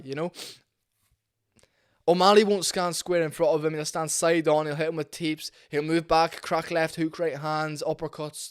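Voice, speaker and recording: A man's voice: a little high, smooth. A man ranting bluntly in a casual, sweary vlog about fighting. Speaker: MMA commentary vlogger. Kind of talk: opinionated casual rant.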